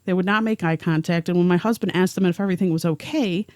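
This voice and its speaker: A woman's voice: on the low side, quick pace, a little mellow, dry recording, studio quality. A woman co-hosting a podcast, narrating a first-hand story and reading the witness's words aloud. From rural area. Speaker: podcast co-host.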